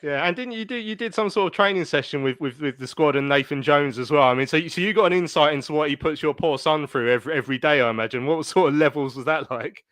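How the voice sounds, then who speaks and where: A man's voice: fairly high pitch, fast, hardly any pauses, a bit bright, no echo. A man hosting a casual fan podcast, talking with frequent hesitant fillers. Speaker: podcast host.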